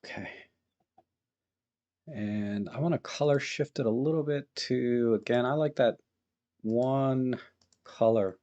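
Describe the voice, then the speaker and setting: A man hosting a live photo-editing stream, thinking aloud in a relaxed, chatty way as he works and greets viewers in the chat. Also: medium pitch, takes it slowly, pauses often, highs cut off.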